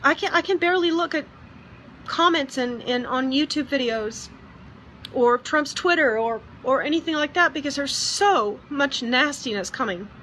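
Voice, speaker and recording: A woman speaking earnestly and emotionally in a personal video message, often halting and restarting. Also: sits high, animated, bright, forceful tone, a little hiss or hum. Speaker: vlogger.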